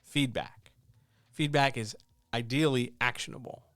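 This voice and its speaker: In clean, echo-free studio sound, a writing coach and editor talks writers through things casually and emphatically, often with rhetorical questions. His medium-pitched voice is animated, a little bright, and moves at a moderate pace.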